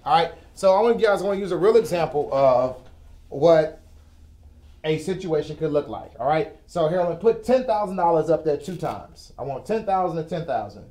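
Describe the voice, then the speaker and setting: Give me a chatty man running a live finance class, his mellow voice bouncing around an echoey studio. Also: on the high side, expressive, a little fast. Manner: casual, joking, chatty teaching. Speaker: host and financial educator. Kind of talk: live-streamed finance lesson. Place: broadcast studio with a whiteboard. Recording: echoey room.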